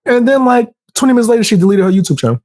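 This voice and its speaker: A man's voice: very high-pitched, sing-song, racing, darkish tone. A man hosting a casual podcast chat, telling stories animatedly and acting out quotes in a raised voice. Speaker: podcast host.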